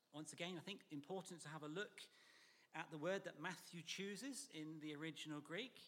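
A man preaching a sermon in a church, measured and emphatic, sometimes dropping to a near whisper. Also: fairly high pitch, sharp tone, long reverb tail.

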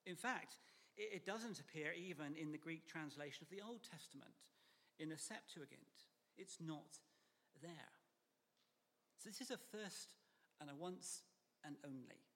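A man preaching a sermon in a church, measured and emphatic, sometimes dropping to a near whisper. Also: a little high, animated, bright, forceful tone, big-room sound.

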